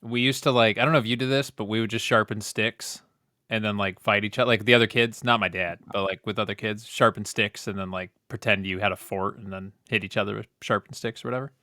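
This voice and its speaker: Low, bright-toned man telling a story. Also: steady tone, fast talker, no echo, clean studio sound. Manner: laid-back, storytelling with fillers. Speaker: podcast co-host. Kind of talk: casual chat.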